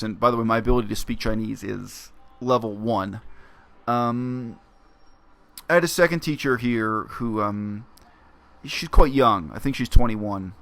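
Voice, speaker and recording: A man talking through a story in a reflective, explanatory vlog monologue, with frequent pauses and fillers. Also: medium pitch, gravelly. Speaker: vlogger. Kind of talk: casual spoken monologue.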